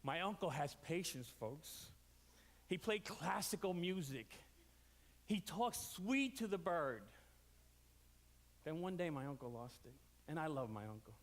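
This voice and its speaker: A man preaching a storytelling sermon, animated and leaping up in pitch for quoted voices. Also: a little slow, long pauses. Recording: reverberant hall.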